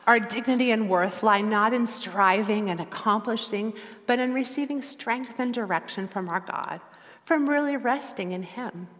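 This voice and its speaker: A middle-aged woman giving a sermon as a lay preacher, earnest and reflective, slowing down for quoted scripture. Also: fairly high pitch, a bit bright, long reverb tail.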